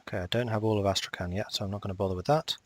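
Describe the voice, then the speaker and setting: A man with a fairly low voice talks his way through a strategy game in a casual, self-directed way. He mutters asides, chides the game's units and drops to near whispers, with mouse clicks behind him. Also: fairly even intonation, rapid-fire, dry recording. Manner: muttering to himself, talking at the game. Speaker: strategy game let's player. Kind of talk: casual gameplay commentary.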